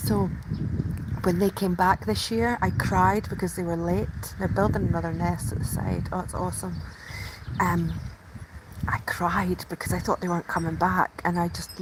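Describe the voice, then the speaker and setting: A woman hosting a casual live stream, chatting and gushing, sometimes dropping into excited whispers. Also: lowish voice, moderate pace, very noisy. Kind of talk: casual live chat from the tub.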